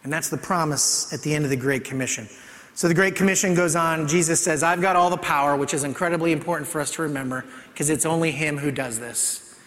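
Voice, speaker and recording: A man delivers a sermon in an easy, conversational way, slightly high in pitch for a man. He often sinks to a hushed, gentle tone to drive a point home. His voice rings out with a long echo, as if he is in a large hall. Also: quick pace. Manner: conversational preaching, dropping to soft hushed tones for emphasis. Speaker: pastor.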